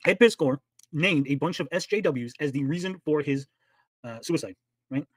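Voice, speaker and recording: A man with a voice on the high side speaks at normal speed in an animated way, recorded dry. Hosting a livestream, he reacts to clips, arguing heatedly and swearing a lot in casual, profane commentary.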